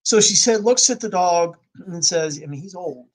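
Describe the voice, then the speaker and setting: Husky man telling a heartfelt story. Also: high-pitched, animated, normal speed, rough recording. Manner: emphatic, swings from loud to near whisper. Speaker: podcast guest. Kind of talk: emotional personal storytelling.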